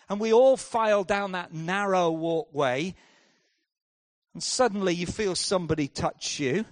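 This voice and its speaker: A man delivers a sermon in a fairly high voice, recorded dry and close. He swings from hushed, drawn-out lines to loud, driving bursts. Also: dry recording. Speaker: preacher.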